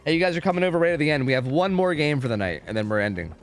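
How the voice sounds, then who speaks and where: A young male streamer talks to his chat from a home setup into a desk microphone. His voice sits a bit high and swings widely, and he swears and rants freely. Faint music plays underneath. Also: racing. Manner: profane, animated and ranting, talks to chat. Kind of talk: casual livestream chat.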